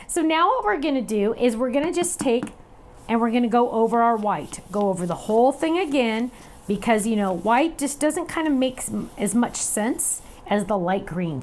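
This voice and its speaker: A woman's voice: on the high side, a little mellow, slight background noise. Chatty woman teaching a craft class. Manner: chatty and upbeat, talks to viewers while working; laughs at herself, playful sound effects. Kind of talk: live online crafting demonstration.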